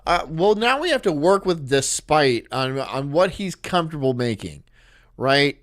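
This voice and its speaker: A man's voice: on the high side, big pitch swings, unhurried, a bit bright, no echo, studio quality. A man hosting a stream, rambling through crude jokes and laughing at his own bits. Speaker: streamer host. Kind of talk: crude casual stream banter.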